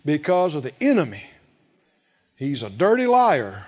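A man's voice: a little high, a little slow. A middle-aged male preacher delivering a sermon, acting out quoted conversations with humor. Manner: animated, acts out quoted dialogue with humor. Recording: dull lo-fi sound with long hall reverb.

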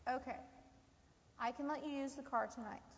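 A woman's voice: high voice, steady tone, moderate pace, a little hiss or hum. A woman playing a firm mother questioning her teenage son about breaking curfew, in a church skit. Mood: calmer, firm. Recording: lo-fi, echoey hall.

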